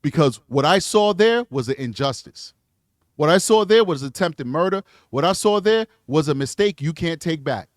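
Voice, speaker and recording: A man's voice: fairly high pitch, animated, normal speed, dry recording, clean studio sound. A man giving blunt, emphatic commentary on a true crime video, talking back to the clips he plays. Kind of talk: casual reaction commentary.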